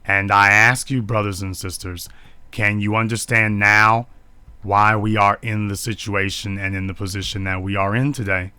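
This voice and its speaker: This online commentator's voice is fairly low, with little pitch movement, a bright, forceful quality, and a clear, resonant tone at normal speed, with no echo. He live-streams indignant, preachy social commentary, hammering his points with rhetorical question after rhetorical question.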